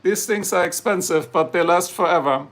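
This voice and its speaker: A man's voice: high-pitched, normal speed, a bit bright, slight background noise. A man from Germany with a German accent, hosting a casual livestream and chatting to viewers in a rambling, jokey way. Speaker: livestream host. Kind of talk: casual livestream chat answering viewer comments.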